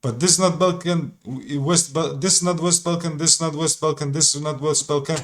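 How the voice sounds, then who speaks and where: A man's voice: a little high, steady tone, moderate pace. A man giving casual reaction commentary in an insistent, repetitive way, sometimes swearing. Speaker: reaction streamer.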